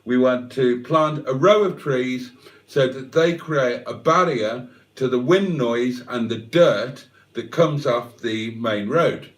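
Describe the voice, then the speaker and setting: A man's voice: mid-range voice, takes it slowly, recorded from a distance. A man hosting a livestream, telling a wry, rambling story with self-mocking asides. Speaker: livestream host. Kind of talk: casual livestream chat.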